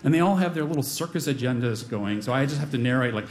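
A man's voice: medium pitch, animated, fast talker, darkish tone. A middle-aged man telling a personal story on stage before a live audience, wry and self-deprecating with comic timing.

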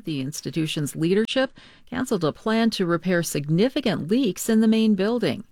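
A woman newscaster reading the headlines in a crisp, measured radio manner. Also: mid-range voice, a little mellow, dry recording, clean studio sound.

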